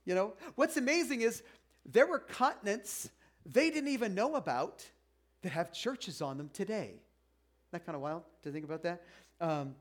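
A man's voice: high-pitched, animated. A middle-aged man giving a casual, conversational sermon as a pastor, often restarting his sentences and acting out his listeners' objections. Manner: informal, halting with restarts, acts out listeners' objections.

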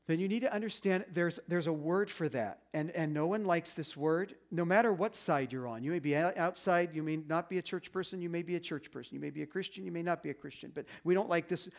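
A man preaching a sermon as pastor, in a conversational way, acting out little voices and quotes. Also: fairly high pitch.

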